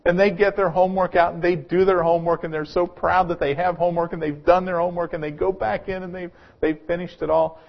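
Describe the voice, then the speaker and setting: Male pastor, earnest sermon delivery, slightly high voice, dull lo-fi church recording. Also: flat delivery, fast, vocal fry, few pauses. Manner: earnest, repeats words at starts of phrases.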